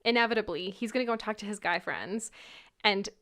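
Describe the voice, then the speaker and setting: A woman's voice: medium pitch, quick pace, a bit bright. Chatty young woman podcast co-host. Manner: chatty storyteller, many likes. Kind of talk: casual chat.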